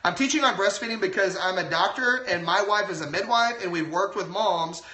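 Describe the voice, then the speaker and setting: A man who is a doctor talking casually and excitedly on a livestream, full of asides. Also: sits high, brisk, reverberant. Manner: excited, chatty, lots of asides. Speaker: doctor giving health advice.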